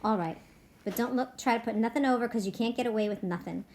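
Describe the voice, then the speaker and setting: A blunt, suspicious middle-aged ranch boss talks in a clipped rural American drawl, as a woman reading aloud puts him on. His voice rides noticeably higher and louder than the reader's own. Every question comes out flat and distrustful. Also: fast, slight background noise, close to an everyday voice. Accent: rough rural American drawl, put on.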